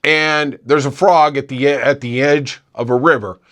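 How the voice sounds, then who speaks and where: A man's voice: mid-range voice, fairly even intonation, moderate pace, fairly bright tone. A man hosting a political podcast, delivering opinionated commentary with sarcastic, mocking asides.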